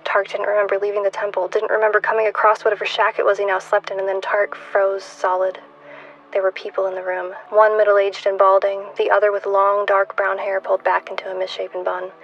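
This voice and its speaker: Gravelly young woman reading fiction. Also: mid-range voice, completely flat delivery, lo-fi sound. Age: 20s. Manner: measured, hushed, dropping to whispers. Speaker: author. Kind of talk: reading her own fiction aloud.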